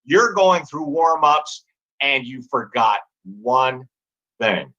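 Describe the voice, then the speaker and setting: A man's voice: medium pitch, animated, slow pace, sharp tone, dull audio. A man hosting a sports talk show, eagerly prompting his guest to tell a favorite story. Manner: enthusiastic, prompting questions. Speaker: show host. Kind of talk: casual sports interview.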